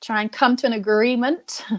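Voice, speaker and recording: A young woman hosting a live online quiz, chatting and thinking out loud, reading each question slowly and then repeating it. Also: fairly high pitch. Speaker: quiz host.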